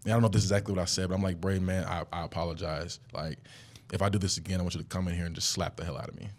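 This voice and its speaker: A young man hosting a podcast, telling a story in a casual, animated way and leaping up in pitch when he acts out quotes. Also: very fast. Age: young adult. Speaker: podcast host. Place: studio.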